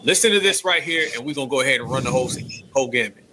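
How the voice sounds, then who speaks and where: A man hosting a casual panel talk show, speaking in an animated way and addressing the audience directly. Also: mid-range voice, very fast, background noise. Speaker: host.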